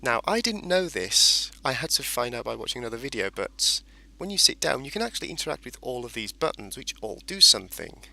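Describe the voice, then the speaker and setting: A man's voice: medium pitch, big pitch swings, fairly quick, vocal fry, few pauses, bright, forceful tone. A man casually commentating a space game as he plays, rambling and explaining each step. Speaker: gameplay commentator. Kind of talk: casual let's-play commentary.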